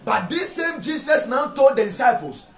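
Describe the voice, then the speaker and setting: A man preaching a sermon, repeating phrases and rising to shouted rhetorical questions. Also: very high-pitched, animated, moderate pace. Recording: echoey room with faint music.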